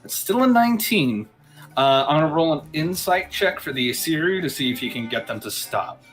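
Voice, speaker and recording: A man's voice: a little high, animated, fairly quick, faint music behind. A man narrating a tabletop game as game master in a casual way, with frequent fillers.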